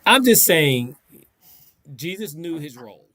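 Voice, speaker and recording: A man talking in an unhurried, emphatic way in a casual group faith discussion. He agrees strongly and circles back over his points as he builds them. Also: fairly high pitch, big pitch swings, a bit bright. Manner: emphatic, agreeing, repeats himself. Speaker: discussion panelist.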